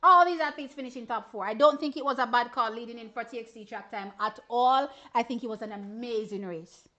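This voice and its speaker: A woman with a Jamaican accent hosting an animated live reaction stream about track races, excitable and exclamatory, with chatty asides to her viewers. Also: a little high, brisk, muffled recording. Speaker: track and field stream host.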